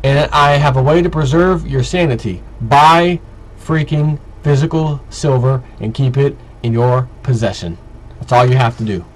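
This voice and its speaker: A man's voice: mid-range voice, moderate pace, a little hiss or hum, poor audio. A man vlogging in a heated monologue, ranting emphatically and piling up repetitive lists.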